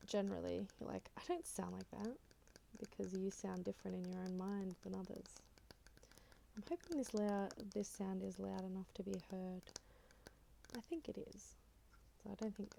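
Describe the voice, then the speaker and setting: An Australian woman chatting in a soft-spoken ASMR style, rambling and slipping in and out of a whisper. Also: medium pitch, fairly even intonation, normal speed, creaky, slight background noise. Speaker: ASMR creator.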